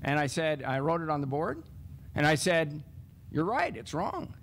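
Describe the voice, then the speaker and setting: Animated man telling a classroom story. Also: moderate pace, slight background noise. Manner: animated, acts out classroom dialogue with raised pitch. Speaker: math professor on a teaching panel. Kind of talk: storytelling panel talk.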